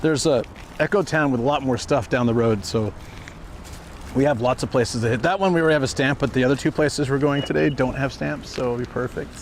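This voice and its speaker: A man chats loosely to his live-stream viewers while out and about, laughing easily between thoughts. His nose sounds a little stuffed up, and his voice sits at an ordinary middle pitch. A faint hiss of background noise runs under the recording. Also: a little fast. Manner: relaxed, chatty, laughs often. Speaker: travel vlogger streaming live. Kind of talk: casual live-stream chat. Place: walking around shops and a car outdoors.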